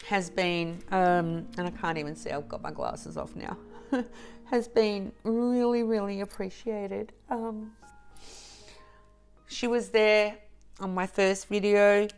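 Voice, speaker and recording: A woman vlogger chatting to camera, slow and halting with restarts and soft laughs, teary and emotional. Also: mid-range voice, soft background music. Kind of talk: emotional casual chat to camera.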